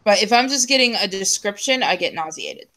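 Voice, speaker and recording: A woman's voice: medium pitch, expressive, fairly quick, fairly bright tone. A woman co-hosting a casual chat show who laughs often, swears casually and reads viewer messages aloud.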